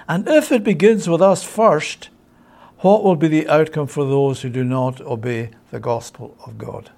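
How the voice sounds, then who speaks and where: A man preaching a sermon, emphatic and full of rhetorical questions, often checking in with his listeners with a quick "yeah?". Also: on the high side, gravelly, darkish tone.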